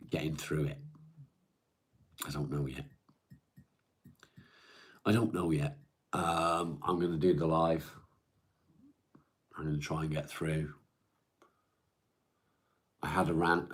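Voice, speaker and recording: A middle-aged man hosting a live stream, chatting in a weary, halting way with many restarts. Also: very deep voice, fairly even intonation, breathy edge. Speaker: live-stream host reading viewer comments. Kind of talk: casual chat.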